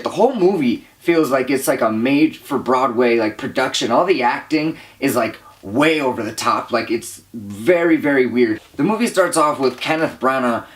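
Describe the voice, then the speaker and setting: A man's voice: mid-range voice, moderate pace. A young man giving a casual movie review, rambling with lots of fillers, exasperated and often laughing. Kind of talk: casual profane movie rant.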